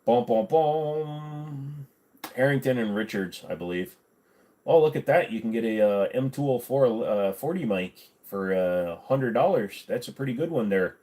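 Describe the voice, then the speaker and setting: A man's voice: fairly low pitch, lively intonation, moderate pace, mellow. A man hosting a casual livestream, reading chat and joking around, slipping now and then into goofy voices. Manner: chatty, jokey, slips into goofy voices.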